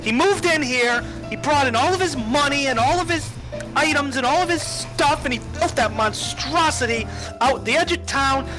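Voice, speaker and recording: A man doing a shrill, gushing village lady. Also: big pitch swings, slow, music in the background, exaggerated voice, rough recording. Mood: gossipy. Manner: shrill, gushing, breathless with delight. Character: gushing, excitable older village woman.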